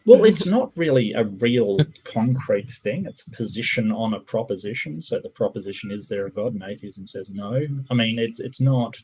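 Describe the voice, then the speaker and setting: A man's voice: lowish voice, lively intonation, normal speed, few pauses, darkish tone, a little hiss or hum, rough recording. A man hosting a casual podcast chat, musing aloud in a meandering way with many restarts. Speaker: podcast host. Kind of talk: casual conversation.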